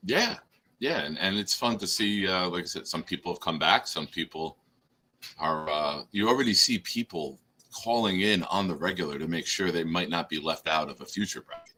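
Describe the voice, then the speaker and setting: A man's voice: sits low, normal speed, sharp tone, a little hiss or hum. A man co-hosting a sports talk show, chatting casually and ribbing a caller. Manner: ribbing, teasing banter.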